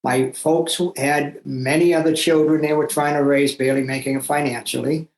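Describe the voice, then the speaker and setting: An older man from Massachusetts, a guest telling his own story in an animated, emphatic way with asides to himself. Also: on the high side, normal speed. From Massachusetts, USA. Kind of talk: personal storytelling. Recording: roomy echo.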